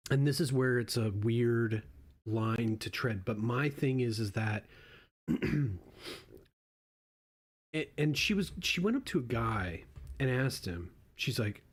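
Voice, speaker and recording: A man's voice: mid-range voice, animated, unhurried, pauses often, breathy edge. Rambling, profane young man. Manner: rambling and profane, with frequent restarts. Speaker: online commentator. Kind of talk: casual reaction commentary.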